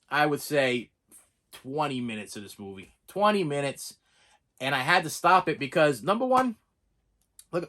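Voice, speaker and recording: A man with a fairly high voice ranting through a casual movie review. His pitch swings all over the place, and he trips over his own words and keeps repeating himself. He chuckles often as he talks. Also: a little hiss or hum. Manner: animated, rambling, repeats words, laughs often.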